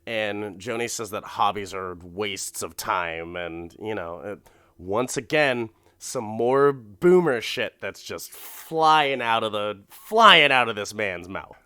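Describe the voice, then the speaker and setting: A male podcast host rambles through a comedic episode recap, swearing and laughing along the way. His voice is smooth and resonant, recorded close in a dry room. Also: on the low side, expressive, slow, bright, forceful tone, dry recording.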